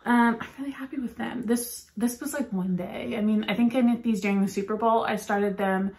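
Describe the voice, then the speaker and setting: A woman co-hosting a podcast, chatting quickly and eagerly about her knitting. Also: fairly high pitch, a little mellow. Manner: fast, chatty, enthusiastic. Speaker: podcast co-host. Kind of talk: casual chat about knitting.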